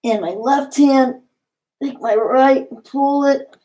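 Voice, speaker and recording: A woman talks a class through yoga poses one cue at a time, calm and encouraging. Her voice sits a little on the high side. She keeps a steady, guiding tone as she instructs. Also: takes it slowly, rough recording. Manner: calm and encouraging, step-by-step cues.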